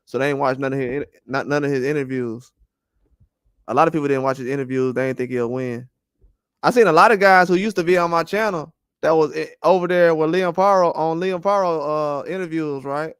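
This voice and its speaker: Male boxing host, high smooth voice, dry close sound, loose rambling trash talk. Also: fairly quick, no echo. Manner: animated, rambling trash talk with frequent laughs. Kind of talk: casual boxing commentary livestream.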